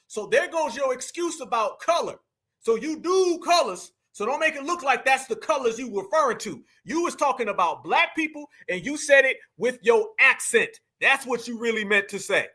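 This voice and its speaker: A man's voice: very high-pitched, expressive, moderate pace, pushed and bright. A man hosting a fired-up online commentary, emphatic and preachy, calling his viewers family.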